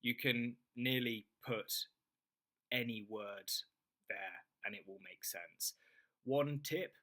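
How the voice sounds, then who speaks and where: Man, young adult, teacher, crisp bright tone, careful slow pronunciation. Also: medium pitch. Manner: slow, clear model phrases for learners to repeat. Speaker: English tutor. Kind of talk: online English lesson.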